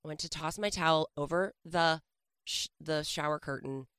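A woman's voice: low voice, moderate pace, a bit bright, clean tone, no echo. A woman comedian on a talk show who is under the weather and losing her voice. She tells her story in a dry, matter-of-fact way. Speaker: comedian guest. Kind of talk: casual talk show banter.

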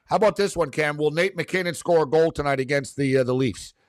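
A man's voice: on the high side, a little fast, no echo, studio quality. A man hosting a casual sports betting show, giving his picks in a rambling way with fillers and restarts.

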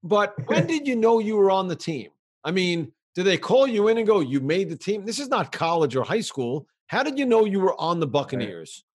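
A man's voice: sits high, moderate pace, hardly any pauses, breathy edge. A man hosting a sports podcast, asking questions and joking with his guest. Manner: lively, joking interviewer. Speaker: podcast host. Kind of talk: interview questions.

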